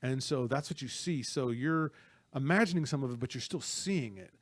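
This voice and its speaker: A man co-hosting a casual film talk, retelling a fight scene with lively energy and playful asides. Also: mid-range voice, moderate pace, no echo. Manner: animated storyteller, acts out movie lines. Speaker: podcast co-host.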